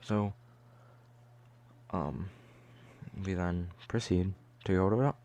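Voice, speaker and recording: A man's voice: sits low, steady tone, drawn-out words, a little mellow. A young man telling a casual storytime vlog in a loose, chatty way, leaning heavily on "like". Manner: loose, chatty, heavy use of "like". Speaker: vlogger.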